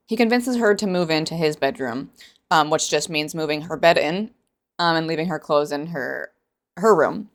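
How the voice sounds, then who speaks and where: A woman's voice: on the low side, normal speed. A woman hosting a casual book reaction vlog, sarcastic and rambling, often laughing at her own jokes. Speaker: book reviewer.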